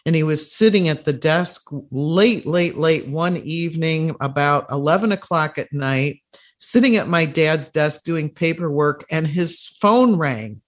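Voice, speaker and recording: Slow-speaking interview host. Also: medium pitch. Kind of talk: interview conversation.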